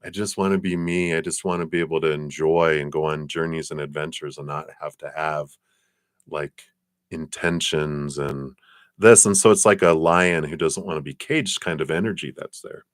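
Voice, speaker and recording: Low-voiced man giving a rambling tarot reading. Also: steady tone, moderate pace, no echo, clean studio sound. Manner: spiritual, rambling, many fillers; acts out quoted voices with big pitch jumps. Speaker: tarot card reader. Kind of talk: live-stream card reading.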